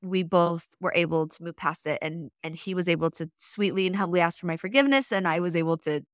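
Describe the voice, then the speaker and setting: A woman telling a story casually in a conversation, lively and laughing as she acts out the quoted texts. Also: on the low side, quick pace, dry recording, clean studio sound.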